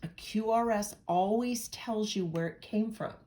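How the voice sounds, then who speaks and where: A woman's voice: mid-range voice, unhurried, dark tone. A woman from Pennsylvania giving a recorded lecture as an instructor, talking in a conversational way with analogies and asides. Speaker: nursing instructor.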